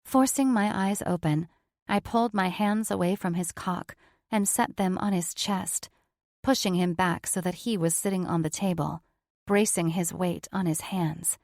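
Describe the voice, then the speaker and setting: A woman narrating a first-person romance audiobook in a smooth, even storytelling voice on a close mic. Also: lowish voice, moderate pace, no echo.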